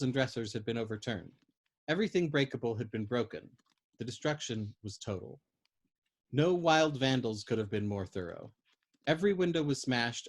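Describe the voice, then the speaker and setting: Man reading a novel aloud. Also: medium pitch. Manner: steady storytelling, occasional throat clearing and slips. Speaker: audiobook reader.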